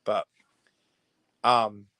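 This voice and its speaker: An American man hosting a casual livestream, gossiping and reacting to viewer comments, laughing often and swinging between hushed asides and loud bursts. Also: very slow, no echo. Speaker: livestream host.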